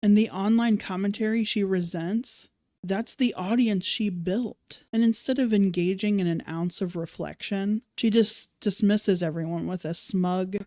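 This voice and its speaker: A woman's voice: mid-range voice, a little slow, warm tone, no echo, clean studio sound. Sassy woman narrating commentary. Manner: sassy, sarcastic. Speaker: commentary host.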